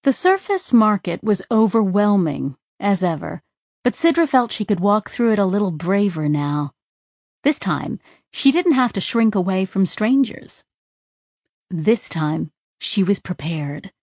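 A woman narrates an audiobook from a script in a measured, even storytelling manner. Her pitch is medium, and the studio-quality recording has no room sound.

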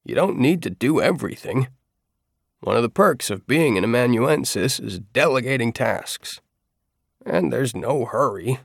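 A man's voice: mid-range voice, animated, unhurried, creaky, no echo, clean studio sound, pitched above the performer's own voice. A man voicing a grouchy older man in an audiobook, curt and wry. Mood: gruff, wry. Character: grouchy old man, gruff and dry.

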